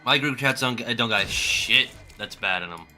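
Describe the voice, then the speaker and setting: A man's voice: medium pitch, moderate pace, bright, forceful tone. Young man streaming, joking and profane. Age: young adult. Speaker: gaming streamer. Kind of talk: casual gameplay commentary.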